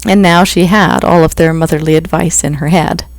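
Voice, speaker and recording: An author reads a passage of a novel aloud at a steady, even pace. The voice has a gravelly texture, and the sound is dry and close with no room echo. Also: medium pitch, moderate pace. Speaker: author reading own book. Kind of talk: audiobook reading.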